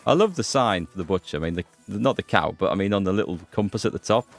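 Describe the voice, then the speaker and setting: A man's voice: fairly low pitch, animated, fast. A man hosting a gaming playthrough, chatting, joking and thinking aloud. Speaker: gaming host. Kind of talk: let's play commentary.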